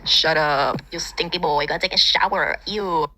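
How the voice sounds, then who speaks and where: A woman's voice: low voice, a little slow, sharp tone. A woman chatting casually, teasing and scolding in a bossy way. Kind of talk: casual chat.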